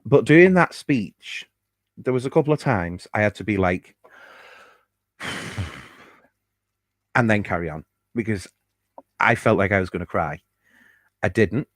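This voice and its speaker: Candid low-voiced man. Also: expressive, unhurried, long pauses, no echo. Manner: chatty and candid, with fillers and swearing. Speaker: podcast host. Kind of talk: casual personal storytelling.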